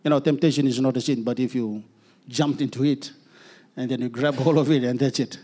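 A middle-aged man giving an earnest personal testimony as a preacher, halting with restarts and letting phrases trail off softly. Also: mid-range voice, steady tone.

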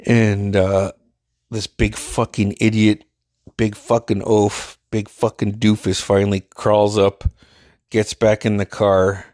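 A man's voice: on the low side, little pitch movement, takes it slowly, a little mellow, no echo, clean studio sound. A man casually telling a profane, exasperated story and acting out what people said. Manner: profane, exasperated, acts out quotes.

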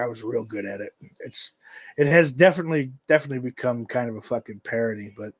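A man's voice: mid-range voice, fairly bright tone. A man chatting casually on a stream, rambling and swearing, often trailing off into mumbles. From United States.

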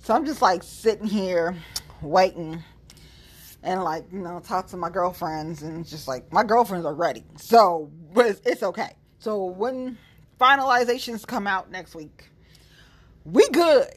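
In a mid-range voice with a breathy edge, a political commentator talks a little slowly as she gives her viewers a casual, cursing, sassy take on local politics, unscripted.

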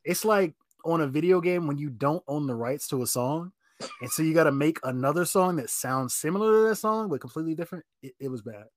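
A man's voice: on the high side, lively intonation, fairly quick, no room sound. A man co-hosting a podcast in casual chat, rambling through his opinions with lots of fillers. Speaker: podcast co-host.

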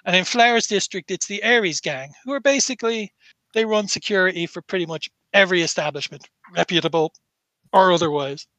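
A man's voice: sits high, brisk, bright, forceful tone, dry recording. A man narrating as game master for a tabletop game, rambling with many fillers and restarts.

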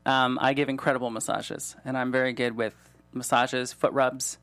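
A man's voice: mid-range voice, level tone, moderate pace, creaky, fairly bright tone, no echo, faint music behind. A man hosting a podcast in casual chat, playful and joking, rambling between stories. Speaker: podcast host.

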